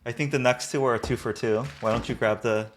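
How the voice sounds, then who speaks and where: A man's voice: mid-range voice, fairly even intonation, fast, heavy background noise. A man co-hosting a podcast in a casual, upbeat chat, laughing often. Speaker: podcast co-host.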